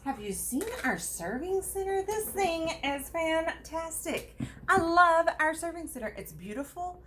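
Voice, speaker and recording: Middle-aged woman, bouncy animated pitch, chatty host demo, faint room noise. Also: a little slow. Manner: chatty, upbeat, lively pitch. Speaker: product demonstrator. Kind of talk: casual product demo.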